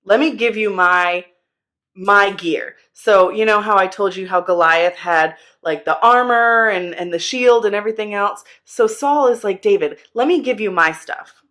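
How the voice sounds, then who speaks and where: Young woman telling kids a bible story, playful and animated, does little voices. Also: mid-range voice, moderate pace. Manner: animated, playful, acts out characters' lines. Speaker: children's Bible teacher. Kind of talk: casual storytelling to children.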